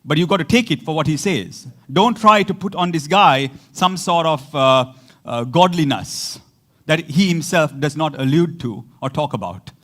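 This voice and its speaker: A man's voice: on the high side, lively intonation, moderate pace, a bit bright. A man preaching a casual, conversational sermon, laughing often and acting out the people he quotes. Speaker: pastor.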